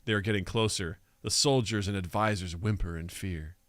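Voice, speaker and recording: A man's voice: deep voice, moderate pace, fairly bright tone, no echo. A man co-hosting a comedy podcast, narrating an anime parody with sarcastic asides and rambling jokes.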